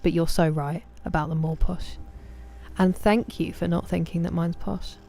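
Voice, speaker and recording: A woman with an English accent streaming a game, chatting casually and warmly greeting viewers by name, sometimes dropping to a whisper. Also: lowish voice, steady tone, moderate pace, vocal fry, slight background noise.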